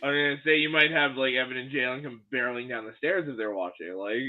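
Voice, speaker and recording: A man's voice: mid-range voice, quick pace, phone-quality sound. A man co-hosting a casual sports podcast, laid-back and teasing. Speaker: podcast co-host.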